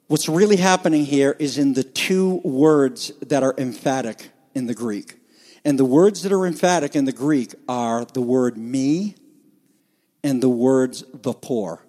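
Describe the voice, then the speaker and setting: A man's voice: mid-range voice, a little slow, warm tone. Man preaching in a reverberant hall. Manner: conversational preaching with emphatic phrasing. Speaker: pastor. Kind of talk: sermon.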